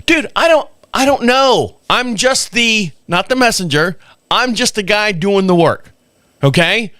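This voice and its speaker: Smooth and high, the man's voice moves a little slowly as he hosts a podcast live stream, telling casual stories with chuckles and acted-out lines. The sound is clean studio quality with no room sound.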